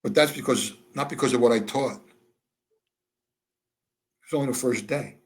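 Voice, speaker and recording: An older American man, a guest in an interview, tells candid stories in a mid-range voice at normal speed. He's animated and plays both sides of each conversation with dry wit.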